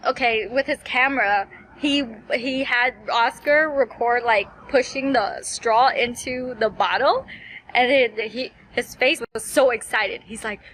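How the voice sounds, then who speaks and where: A woman vlogger telling a rambling, animated story full of fillers and quoted asides. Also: high-pitched, measured pace, low-quality recording. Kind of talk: casual recap vlog.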